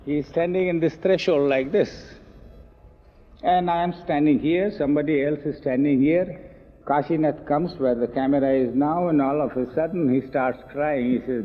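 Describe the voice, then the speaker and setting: An older man telling memories in an oral history interview, animated and acting out the quoted speech, recorded outdoors on old film. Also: a little high, normal speed. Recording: dull lo-fi 1970s film audio.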